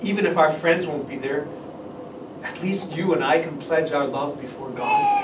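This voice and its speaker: A man's voice: a little high, sing-song, moderate pace. A man playing the young man Joseph, earnest and tender, telling his story with emotion in a church. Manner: emotional, shifts to shouted quotes. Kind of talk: dramatic storytelling monologue. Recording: echoey church sound from a distant mic with background noise.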